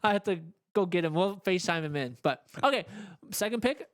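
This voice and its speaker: A man's voice: sits high, animated, brisk, smooth. A man co-hosting a podcast in casual chat, loosely trailing off mid-sentence. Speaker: podcast co-host.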